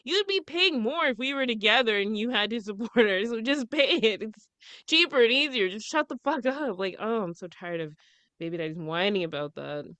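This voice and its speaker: A woman's voice: medium pitch, lively intonation, fairly quick, bright, forceful tone, no room sound. A young woman co-hosting a podcast, blunt and profane, laughing often as she tells stories about her toddler. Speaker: podcast co-host. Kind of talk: casual chat.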